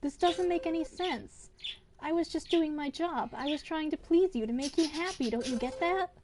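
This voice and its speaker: A woman's voice: high voice, moderate pace, background noise, pitched above the performer's own voice, natural voice. A woman voicing a distraught space station AI, reading game dialogue aloud in frantic, pleading outbursts. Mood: hurt.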